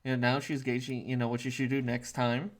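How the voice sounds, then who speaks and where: A man's voice: mid-range voice, flat delivery, brisk, a little hiss or hum. A man running a casual tabletop game as game master, rambling with many fillers.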